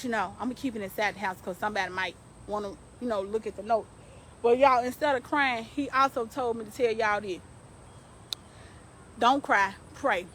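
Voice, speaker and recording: A woman's voice: fairly high pitch, sharp tone, slight background noise, low-quality recording. A young adult woman hosting a live stream, preaching emphatically to her viewers and repeating her points for weight.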